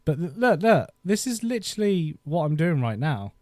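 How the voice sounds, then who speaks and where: A man in his thirties hosts a casual live stream, rambling through old memories with frequent laughter. His voice is mellow and dark-toned, and the recording sounds dry and close. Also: on the high side, big pitch swings, moderate pace, dry recording. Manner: rambling, nostalgic, laughs often. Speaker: YouTube host. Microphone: desk microphone.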